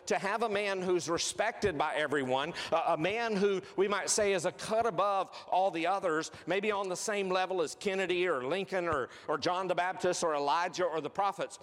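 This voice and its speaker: A man delivering a sermon in a voice pitched a little above the usual male range. He preaches earnestly, drawing out key phrases and repeating them for weight. His words ring out with a long reverb, as if in a large hall. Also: a bit bright. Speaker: pastor.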